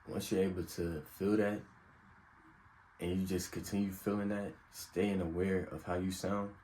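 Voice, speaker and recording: Deep-voiced young man giving earnest advice. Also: a little mellow, a little hiss or hum, rough recording. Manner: earnest, unscripted, vulnerable. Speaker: self-help vlogger. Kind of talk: earnest personal advice monologue.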